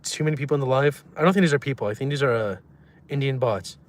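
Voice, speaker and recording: A young man livestreaming from his car, reading his chat aloud and answering in a deadpan, trolling way. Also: mid-range voice, quick pace.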